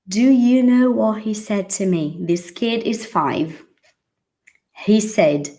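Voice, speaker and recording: A woman's voice: lowish voice, measured pace, warm tone. A woman in her thirties from Brazil, teaching English in a chatty, emphatic monologue and acting out the voices she quotes.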